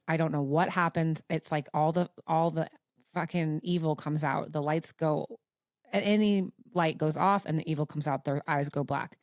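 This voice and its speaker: A woman's voice: lowish voice, no room sound, clean studio sound. Emphatic woman podcast host. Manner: emphatic, supportive, swears freely. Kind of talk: casual interview chat.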